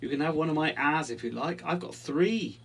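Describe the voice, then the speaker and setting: A man's voice: a little high, moderate pace, fairly bright tone, slight background noise, pitched above the performer's own voice. A man voicing a generous, easygoing male aardvark in a picture book.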